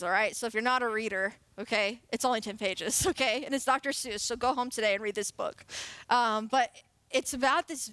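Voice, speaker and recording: High-voiced playful young woman preaching. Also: bright, forceful tone, dry recording. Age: 20s. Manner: casual, chatty and playful, laughing often. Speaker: youth pastor. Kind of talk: sermon.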